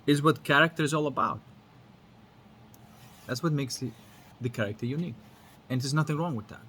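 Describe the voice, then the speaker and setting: This spiritual teacher from Lithuania speaks with a fairly high, fairly bright voice at a fairly quick clip, and a bit of hiss or hum sits in the background. His English mixes Lithuanian, American and British accents as he rambles through a candid spiritual talk, cursing offhandedly.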